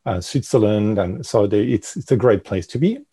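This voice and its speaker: A middle-aged man from France with a French accent, a podcast guest who speaks English haltingly with many ums and restarts. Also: lowish voice, animated, mellow, breathy edge. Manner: hesitant, frequent ums and restarts. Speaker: guest, industrial designer. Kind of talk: podcast interview.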